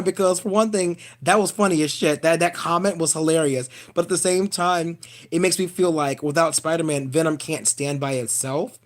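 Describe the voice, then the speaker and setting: A man ranting casually on a live stream, animated and profane, calling his viewers y'all. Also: on the high side. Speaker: vlogger.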